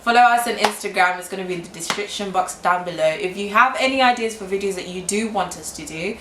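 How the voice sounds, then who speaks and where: A young woman from Kenya co-hosting a casual vlog, talking in a chatty, animated way with lots of fillers. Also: mid-range voice, fast. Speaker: vlogger co-host. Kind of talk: casual chat. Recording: echoey room with faint noise.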